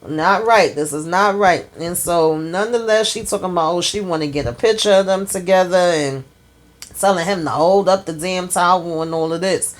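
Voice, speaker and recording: A woman with a lowish voice recaps a TV episode in a sassy, animated way. She talks straight to her viewers and keeps pulling them into her reactions. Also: fairly quick. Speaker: TV episode reviewer. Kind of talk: casual recap monologue.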